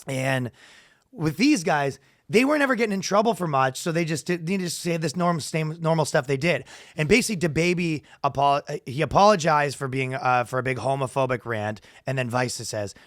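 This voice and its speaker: A man's voice: on the high side, brisk, a bit bright, dry recording, studio quality. Rambling, profane man hosting a podcast. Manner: rambling, profane, laughs at own stories. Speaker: podcast host. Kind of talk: casual comedy podcast chat.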